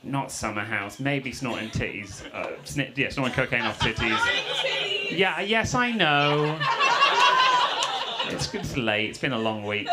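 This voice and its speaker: A man's voice: mid-range voice, animated, measured pace, heavy background noise. A man, a comedian and freestyle rapper, doing playful, teasing crowd work on a club stage and laughing between quips. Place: comedy club stage before a live audience. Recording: live band music loud behind the voice.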